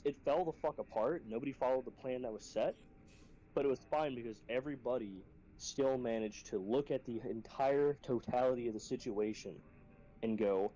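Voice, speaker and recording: A man's voice: moderate pace, highs cut off. A man telling a training story in casual, profane chat, acting out quotes with sudden jumps in his voice. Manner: profane, animated, acts out quotes in a high voice. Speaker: Marine instructor telling a war story.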